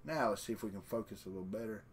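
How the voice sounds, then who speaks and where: A man's voice: lowish voice, very fast, a little hiss or hum. A man hosting a live stream, chatting casually in a folksy, rambling way. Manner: folksy, rambling, talks off the cuff.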